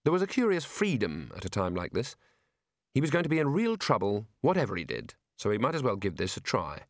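A man narrating an audiobook in a wry, expressive storytelling manner. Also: lowish voice, a little fast, no room sound, studio quality. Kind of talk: scripted narration.

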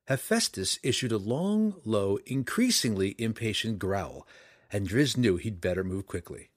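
A man reads a fantasy story aloud with dramatic, expressive phrasing. His voice sits low and slightly husky, with lively swings in pitch. The sound is dry and close. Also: measured pace, no room sound. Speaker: audiobook narrator. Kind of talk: scripted fantasy narration.

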